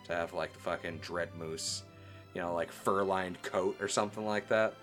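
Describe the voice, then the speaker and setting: Brief: casual male gamer, low voice, meandering and profane, faint music under. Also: fairly even intonation, moderate pace, fairly bright tone. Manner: rambling, heavy on "like", swears often. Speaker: player. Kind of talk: casual tabletop game chat.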